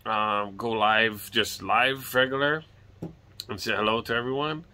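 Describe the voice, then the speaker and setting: This middle-aged Hawaiian man speaks at a measured pace with fairly even intonation, his fairly low voice bright and forceful, over slight background noise. A vlogger with a light lilt, he rambles and swears occasionally while chatting outdoors on his porch.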